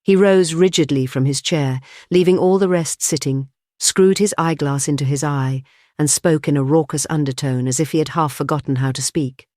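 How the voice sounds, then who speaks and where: An audiobook narrator reading a classic detective story in a measured, even way. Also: mid-range voice, no room sound, clean studio sound. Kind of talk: scripted narration of a classic novel.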